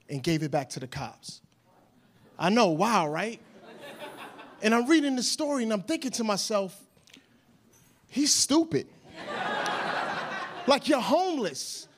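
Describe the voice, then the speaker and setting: A man doing a stand-up set on a club stage, telling a story with incredulous, punchy jokes. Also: sits high. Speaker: stand-up comedian. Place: comedy club stage with audience. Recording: live club recording with faint crowd.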